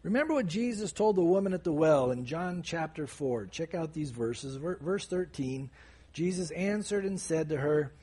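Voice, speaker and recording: Husky, animated male preacher. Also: a little high, normal speed. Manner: animated, conversational teaching with asides. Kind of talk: sermon.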